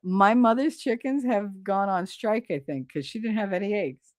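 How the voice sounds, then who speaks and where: A woman's voice: medium pitch, normal speed, darkish tone, no echo, clean studio sound. A middle-aged woman hosting a live stream, chatting casually and bluntly, swearing freely while she reads viewers' comments.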